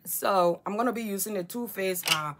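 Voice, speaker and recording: A woman vlogger chatting excitedly while doing her makeup, talking casually and repeating herself often. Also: mid-range voice, normal speed, very noisy. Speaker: beauty vlogger. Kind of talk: casual get-ready-with-me chat.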